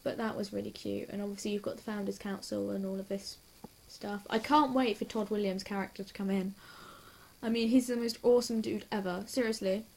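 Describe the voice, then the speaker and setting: A young woman chatting casually and excitedly about a TV episode, giggly and hyper, gushing and rambling from scene to scene. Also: mid-range voice, creaky, a little hiss or hum. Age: young adult. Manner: hyper, giggly and quick to gush. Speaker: TV reaction vlogger. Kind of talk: casual rambling reaction chat.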